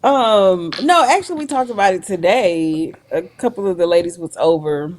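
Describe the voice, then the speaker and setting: A woman's voice: fairly low pitch, animated, moderate pace, darkish tone. A woman guest in a casual podcast chat, easygoing and often laughing as she talks.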